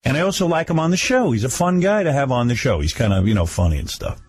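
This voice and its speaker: A man hosting a radio talk show, telling a story casually and mimicking others in a higher voice. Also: quick pace, husky, no room sound. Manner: animated, acts out quotes in a higher mocking voice. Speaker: radio host.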